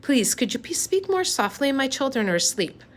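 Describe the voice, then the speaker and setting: A woman reading a story aloud, voicing a calm mother who speaks quietly and politely. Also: sits high, moderate pace, voice pushed up.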